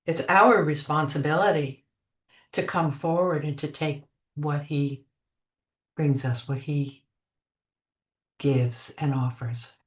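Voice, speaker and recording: An older woman telling spiritual memories as an interview guest, gentle and unhurried, trailing off with many fillers. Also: low voice, fairly even intonation. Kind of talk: reflective spiritual storytelling. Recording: echoey room.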